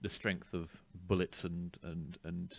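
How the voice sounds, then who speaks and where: Deep-voiced, halting man role-playing. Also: little pitch movement, gravelly, slight background noise. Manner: halting, formal, prone to laughing. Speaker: tabletop player. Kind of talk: in-character tabletop role-play.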